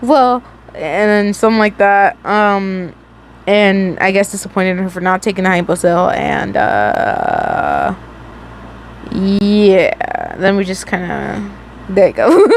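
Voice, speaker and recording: A woman's voice: mid-range voice, very animated, slow, creaky, a little hiss or hum. A young woman reading a fanfiction story aloud in a casual way, giggling and chatting to her listeners between passages. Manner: giggly, chatty, frequent self-corrections. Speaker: story reader.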